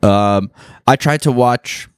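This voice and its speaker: Dude on a podcast, regular mid voice, rambly and sweary, dry close mic. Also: male voice, medium pitch, slow, smooth, no echo. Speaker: podcast co-host. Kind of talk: casual chat.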